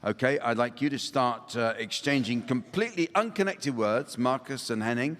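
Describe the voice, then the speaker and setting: An English man hosting a comedy panel game with a dry, deadpan delivery. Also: mid-range voice, normal speed, in a large hall.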